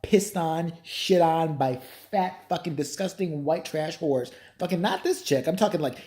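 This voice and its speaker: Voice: medium pitch, warm tone. A comedic commentator ranting crudely about a TV interview, brash and profane.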